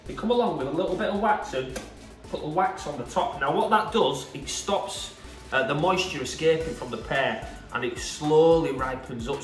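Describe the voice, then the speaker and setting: A man with a Yorkshire accent, enthusiastically showing off fresh produce in a casual demonstration. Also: a little high. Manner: enthusiastic, gushing about produce. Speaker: produce seller. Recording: echoey room, distant mic, faint music.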